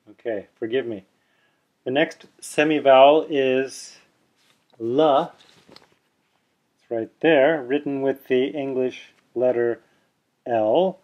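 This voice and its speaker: A medium-pitched male language teacher leads a pronunciation lesson on video, patiently explaining the sounds and saying them aloud. Relaxed and chatty, he occasionally corrects himself. The audio is dull and lo-fi, captured by a camera mic that can be seen in the video.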